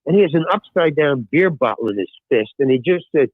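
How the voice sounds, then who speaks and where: An older man telling stories as a podcast guest in casual chat, animated and restarting his sentences often. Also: a little high, fast, no room sound. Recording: tinny phone-like dry sound.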